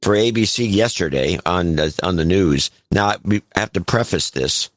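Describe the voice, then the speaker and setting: A man's voice: low voice, animated, normal speed, dry recording. A man co-hosting a podcast in casual chat, giving wry, mocking commentary. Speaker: podcast co-host.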